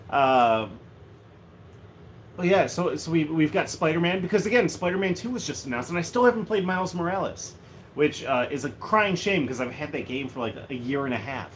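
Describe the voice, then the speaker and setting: On a livestream from a room at home, a man with a voice on the high side chats casually at a normal speed. He's animated and jokey, rambling from one topic to the next, while a heater hums faintly in the background.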